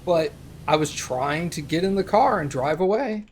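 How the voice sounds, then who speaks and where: A man's voice: a little high, expressive, moderate pace, a little hiss or hum. A young man, a streamer, telling a rambling story in casual chat, with plenty of fillers. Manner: rambling anecdote with many fillers.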